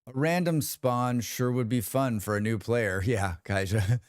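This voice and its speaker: This livestream host talks at a measured pace in a mid-range voice, casually sharing stories with viewers. He dramatizes quotes from others and curses freely, with no room sound on the recording.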